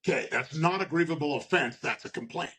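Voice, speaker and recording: A man's voice: fairly high pitch, brisk, bright, forceful tone. A man talking as a union shop steward guest in a casual podcast conversation, blunt and profane, often tagging his points with "okay?". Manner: acts out workplace scenarios in quoted voices.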